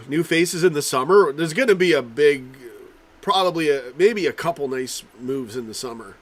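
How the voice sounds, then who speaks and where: A man hosting a loose, rambling live football chat, speaking in a slightly raised pitch. He swears freely and reads out viewers' comments, and his voice is broken up by coughing and throat-clearing. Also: lively intonation, moderate pace. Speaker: livestream host.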